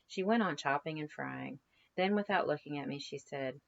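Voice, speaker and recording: A woman's voice: low voice, moderate pace, creaky, highs cut off. A woman teacher reading a novel aloud to her class in a conversational way, stopping to ask her students questions. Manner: conversational, asks students questions between passages.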